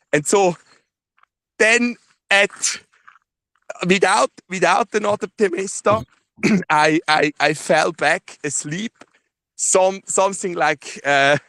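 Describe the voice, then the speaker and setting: Halting Swiss German-accented man on a call. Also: fairly high pitch, a bit bright, dry recording. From Switzerland. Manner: halting, many fillers and restarts, laughs often. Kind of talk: casual phone call debrief. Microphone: phone.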